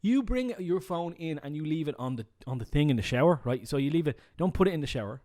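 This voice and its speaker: A man with a Dublin Irish accent, co-hosting a podcast in casual chat, emphatic and animated, often tagging "right?". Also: fairly high pitch, fast talker. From Ireland. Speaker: podcast co-host. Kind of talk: casual chat, telling jokes.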